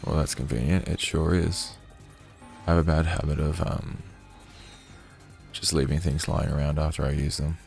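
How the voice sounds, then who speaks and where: A very deep-voiced male streamer chatting casually over gameplay. His voice is croaky and gravelly, full of jokey asides to viewers. Game music plays clearly behind him. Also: fairly even intonation, moderate pace, long pauses, a little mellow. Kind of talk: casual gameplay livestream commentary.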